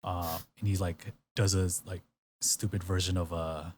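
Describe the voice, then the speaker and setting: Lower-pitched animated man. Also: normal speed, husky. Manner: animated storyteller, acts out quotes in exaggerated voices. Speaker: podcast host. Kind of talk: casual chat recapping a variety show.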